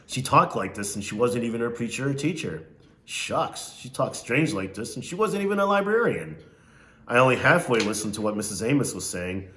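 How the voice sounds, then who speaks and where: A man reads a novel aloud in a low-pitched voice. He narrates steadily and stops to ask his listeners questions along the way. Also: normal speed, sharp tone, roomy sound, slight background noise. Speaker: reader.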